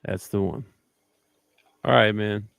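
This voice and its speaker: A man's voice: fairly low pitch, steady tone, slow pace, creaky, fairly bright tone. A man co-hosting a sports podcast, talking in an easygoing, teasing way with frequent laughs. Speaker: podcast co-host. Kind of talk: casual chat.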